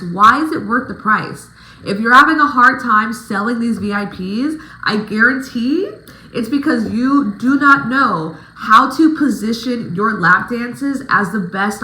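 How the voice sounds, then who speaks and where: Woman, casual advice vlog, emphatic and profane, bright tense tone, echoey room. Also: on the high side. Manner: emphatic, profane, pep-talk delivery. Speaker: stripper giving advice to other dancers.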